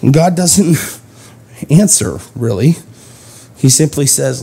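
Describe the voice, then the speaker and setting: A male preacher working through a scripture passage in a loose, conversational way. His voice is mellow and dark, with a husky edge. He slips into the lines of the story as he retells it. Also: mid-range voice, expressive, slow, pauses often. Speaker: pastor. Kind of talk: sermon.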